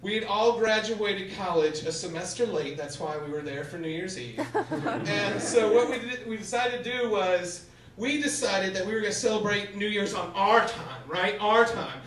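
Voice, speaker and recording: A young man doing stand-up comedy, telling animated stories with sudden shouted bits on a theater stage. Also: high-pitched, normal speed, slight background noise. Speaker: stand-up comic. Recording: echoey theater from a distance.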